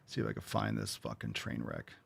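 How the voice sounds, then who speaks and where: A man's voice: rumbling low, sing-song, a little fast, gravelly, husky. A man hosting a reaction show, ranting bluntly and mockingly with lots of swearing. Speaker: host reacting to videos.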